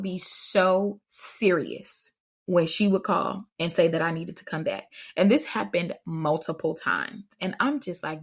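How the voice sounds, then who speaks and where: Woman podcast host, gravelly kinda breathy voice, chatty storyteller. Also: on the low side, lively intonation, a little slow. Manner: chatty storytelling, addresses listeners directly. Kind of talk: casual advice chat.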